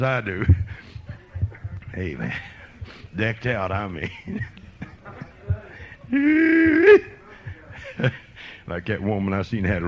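A man's voice: fairly low pitch, lo-fi sound. A man preaching a sermon, telling folksy stories of faith with fervent energy.

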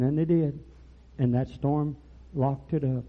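An older man preaching a rural revival sermon, telling folksy stories and breaking into loud preaching bursts. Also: mid-range voice, fairly even intonation, a little slow, long pauses. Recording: dull lo-fi church recording.

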